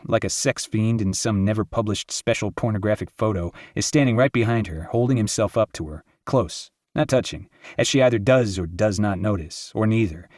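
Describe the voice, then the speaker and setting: Low-voiced man reading an audiobook. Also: darkish tone, dry recording, studio quality. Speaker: audiobook narrator. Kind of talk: scripted narration.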